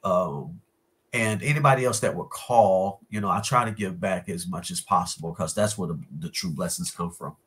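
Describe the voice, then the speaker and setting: A man, chatting as a guest in an interview, relaxed and pausing with fillers. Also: low-pitched, breathy edge. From North Carolina, USA. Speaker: guest musician. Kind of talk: casual interview chat.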